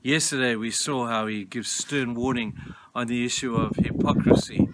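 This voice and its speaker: Male pastor, mid-pitched, emphatic sermon delivery, background noise on the track. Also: steady tone, normal speed, a bit bright. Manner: earnest, emphatic preaching, urging listeners. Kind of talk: devotional sermon. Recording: noisy recording.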